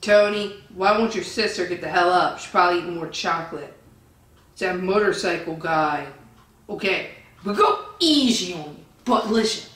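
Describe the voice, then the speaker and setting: This is an angry rant from a vlogger going through viewer comments, a woman with a fairly low voice who swears, insults, and yells at commenters. The room echoes, and she is far from the microphone.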